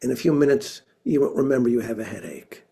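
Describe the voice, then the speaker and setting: A calm young doctor who speaks in a low, quiet, matter-of-fact way, as a man puts him on. The voice is gravelly and slightly husky. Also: fast.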